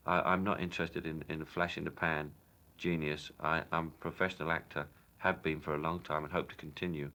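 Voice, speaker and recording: Cockney actor, low voice with a bright edge, wry storyteller who stumbles into sentences. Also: male voice, little pitch movement, a little fast. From London, England. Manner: wry storytelling with hesitant restarts. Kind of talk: anecdotal interview.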